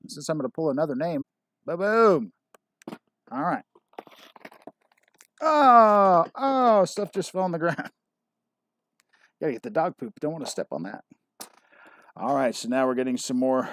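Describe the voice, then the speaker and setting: A man's voice: medium pitch, a little mellow, dry recording, studio quality. A man hosting a casual livestream and calling bingo numbers, chuckling often with self-deprecating banter. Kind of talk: casual live-stream chat.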